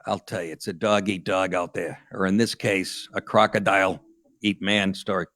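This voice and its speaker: A man's voice: low voice, flat delivery, normal speed, fairly bright tone. Crude, sardonic middle-aged male comedy host. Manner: sardonic, crude, reads news aloud then mocks it. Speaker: comedy talk show host. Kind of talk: profane comic riffing on news stories.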